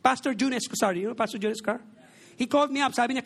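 Pastor, forties, Filipino accent, gravelly voice, humorous sermon delivery with Tagalog-English mixing. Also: male voice, extremely high pitch, racing. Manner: joking, mixes Tagalog and English.

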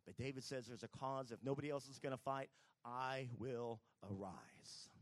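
A preacher with a fairly high-pitched voice delivers a sermon in slightly raised tones, retelling Bible stories and acting out the characters. The sound is dry and close, without room echo.

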